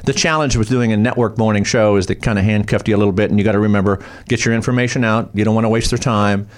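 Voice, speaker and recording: A middle-aged man, a comedian and former TV host, telling stories in a lively chat and slipping into voices. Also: lowish voice. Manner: rapid, animated storyteller who slips into voices. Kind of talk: casual chat, storytelling.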